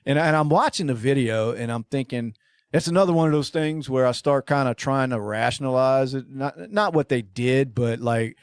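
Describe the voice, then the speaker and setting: A man co-hosting a casual podcast chat, rambling and swearing, his voice often trailing off quietly at the ends of phrases. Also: mid-range voice, moderate pace, clean tone, no room sound, clean studio sound. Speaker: podcast co-host.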